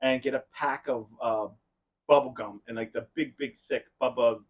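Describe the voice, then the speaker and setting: A man's voice: medium pitch, steady tone, moderate pace, breathy edge, lo-fi sound. A man hosting a podcast, telling a long rambling story in casual chat and often breaking into laughter. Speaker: podcast host.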